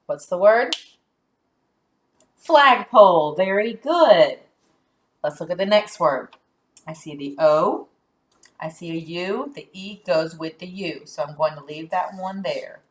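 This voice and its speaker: A woman teaching a children's phonics lesson, giving clear directions and encouraging praise. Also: fairly low pitch, lively intonation. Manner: slow, clear, drawn-out words.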